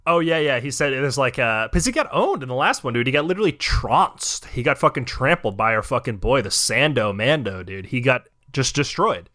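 A man's voice: mid-range voice, sing-song, brisk, hardly any pauses, bright, forceful tone. A young man hosting a podcast, ranting in heated, profane casual chat. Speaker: podcast host.

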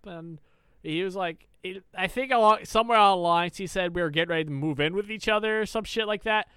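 Young male podcast co-host, high and bright voice, crisp, laid-back storyteller who swears a lot. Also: quick pace, no room sound. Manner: swearing, laughing anecdote teller. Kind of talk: casual chat, storytelling.

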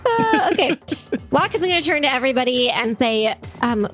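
A woman's voice: high voice, big pitch swings, normal speed, fairly bright tone, soft background music. A woman playing her character in a tabletop game, chatty and giggly. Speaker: player. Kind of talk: casual tabletop game play.

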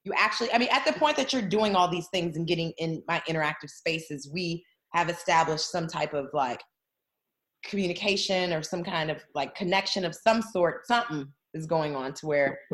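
A woman's voice: on the low side, normal speed, fairly bright tone. A woman guest on a podcast, talking in a rambling, frank, chatty way. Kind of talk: casual chat.

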